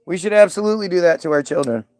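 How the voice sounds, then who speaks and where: A man's voice: sits high, very fast, darkish tone. A man delivering a profane comedic rant in a sarcastic, irreverent, rambling way.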